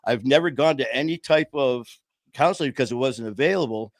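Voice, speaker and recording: A man's voice: medium pitch, a little fast, no room sound, clean studio sound. Man hosting a podcast, shares his story with earnest emotion, says "man" and "brother" often. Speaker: podcast host. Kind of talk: casual conversational storytelling.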